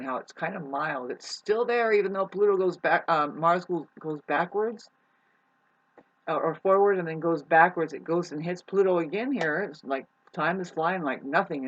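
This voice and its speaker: A casual vlogger rambling to the camera, voice sitting at a middling pitch. The talk meanders and circles back with frequent restarts and offhand swearing. The audio is a bit dull and lo-fi. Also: a bit bright. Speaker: astrology vlogger. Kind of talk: casual rambling monologue to viewers.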